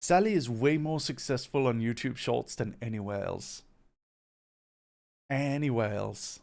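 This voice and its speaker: Man, CEO, casual livestream Q&A, gravelly, relaxed, rambling. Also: medium pitch, a little slow. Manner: relaxed, rambling, reads chat questions aloud. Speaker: company CEO answering viewer questions.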